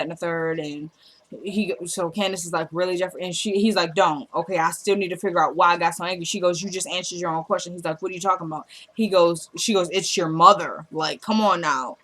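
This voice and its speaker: A woman at home vlogging a casual recap of a TV drama episode, quoting the characters' lines in a quieter voice and making loose asides to her viewers. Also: on the low side. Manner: retells dialogue, dropping to a quieter voice for quoted characters.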